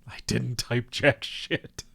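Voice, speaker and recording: Guy streaming a game, slow lazy talk, swears a ton, bright voice, dry close mic. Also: medium pitch, steady tone, creaky, slightly rough. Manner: profane, rambling, laughs a lot. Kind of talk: casual live-stream chat.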